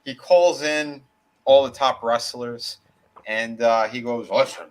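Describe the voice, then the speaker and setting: Speaking slowly in a mid-range voice, this man co-hosts a laid-back wrestling podcast and spins out a lengthy, meandering story. Fillers, restarts, and offhand cursing fill his talk, and the recording quality is low.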